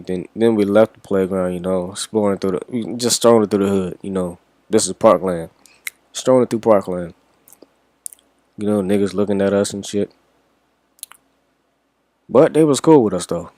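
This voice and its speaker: A young man from Washington, D.C. tells a story in a rambling, laid-back way, swearing freely. His voice sits a little low. The sound is close and dry, with no room echo. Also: moderate pace, long pauses, dark tone. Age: young adult. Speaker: reaction vlogger. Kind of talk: casual storytelling.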